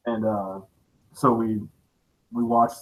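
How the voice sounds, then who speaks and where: A man telling a concert story in casual chat, relaxed, with many "uh" fillers. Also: mid-range voice, slow pace, low-quality recording.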